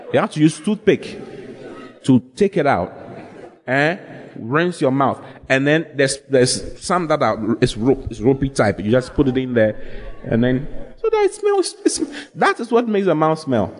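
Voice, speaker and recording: Male pastor, animated comic preacher with a springy, high-ish voice, live with the congregation. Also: unhurried. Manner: animated, jokes and laughs while preaching. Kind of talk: humorous sermon.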